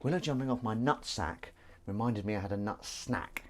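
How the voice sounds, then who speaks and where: A man's voice: lowish voice, normal speed. A man with a Southern English accent hosting a live stream while washing up, chatting with viewers in a rambling, self-mocking way. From England.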